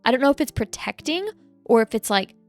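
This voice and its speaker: A young adult woman co-hosting a podcast, chatting in an excitable, easily spooked way. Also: on the high side, brisk, faint music behind. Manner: excitable, jumpy, easily spooked, reacts loudly. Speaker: podcast co-host. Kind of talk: casual chat.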